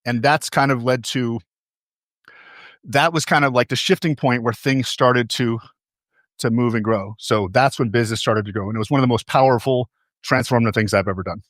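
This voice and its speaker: A man's voice: mid-range voice, a little fast, a bit bright, no room sound, clean studio sound. A man giving a motivational stage talk as a coach. He tells stories, asks the audience questions and repeats key phrases for emphasis.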